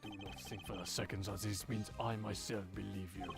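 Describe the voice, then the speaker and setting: A man's voice: fairly low pitch, flat delivery, a little fast, vocal fry, loud music behind the voice, voice pushed down. A man voicing a stern, formal prosecutor with a sardonic edge in a fan game dub. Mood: cool sardonic. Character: haughty stern male prosecutor.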